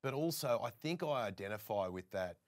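Speaking a little fast in a voice on the low side, the Australian guest presenter recounts casual anecdotes. He's a lively storyteller who performs others' lines along the way.

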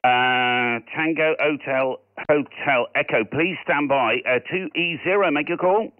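Over tinny radio audio with no room sound, a fairly high-pitched Scottish man handles calls quickly and warmly. He swaps call signs and signal reports in a friendly, easygoing ham radio session.

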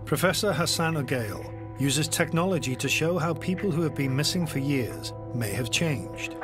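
A man narrating a true-crime documentary in a measured, even voice. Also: on the high side, over music. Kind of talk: scripted narration.

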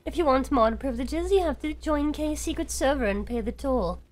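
A woman's voice: high-pitched, normal speed, a little mellow, soft background music. A woman streaming a game, chatting casually with her viewers in a playful, mock-serious, joking way.

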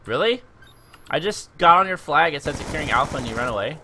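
Young guy yelling and joking thru a shooter game, bright voice swinging up and down, faint hiss. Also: fairly high pitch, quick pace. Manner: animated, joking, exclaims at the game. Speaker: gaming video host. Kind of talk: live gameplay commentary.

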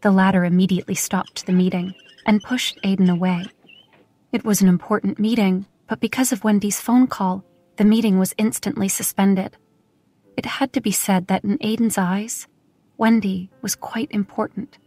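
A woman narrating a romance audiobook in a steady, even storytelling manner. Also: medium pitch, moderate pace, dry recording. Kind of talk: scripted narration.

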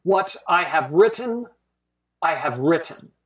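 A scripture reader voicing a stern Roman governor who questions a prisoner in measured, deliberate lines, during a church Passion reading. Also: mid-range voice, animated. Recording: roomy church from a distance.

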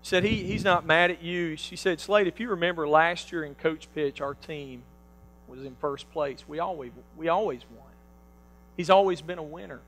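A man preaching a sermon, telling a personal story with animated swings between loud bursts and hushed quotes. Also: fairly high pitch, moderate pace, rough recording.

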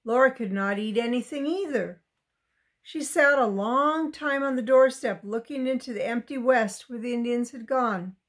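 A woman reading a children's chapter book aloud with gentle asides for young listeners. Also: a little high, moderate pace. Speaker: reader.

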